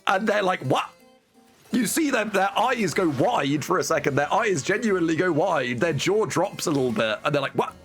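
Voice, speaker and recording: A man's voice: high voice, lively intonation, a little fast, few pauses, fairly bright tone, soft background music. A man streaming a game, chatting casually in a rambling, joking way and swearing often. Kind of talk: casual gameplay chat.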